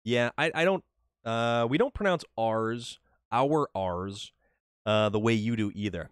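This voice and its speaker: Joking casually through his gameplay on a livestream, a New England man often repeats words when beginning a sentence. He sounds expressive and unhurried in a clean, mid-range voice, recorded at studio quality without echo.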